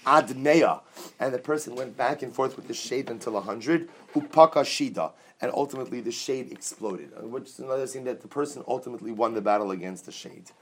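A man leads a lively Talmud class. He reads short Aramaic phrases and explains each one in English with animated energy. Now and then he jokes with his students. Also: medium pitch, brisk, husky. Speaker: Talmud teacher.

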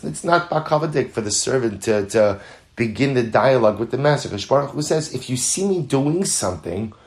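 A man teaching a Talmud class. He speaks earnestly, repeats phrases for emphasis, mixes in Hebrew and Yiddish terms, and builds to lively, louder stretches. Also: medium pitch. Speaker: Torah teacher.

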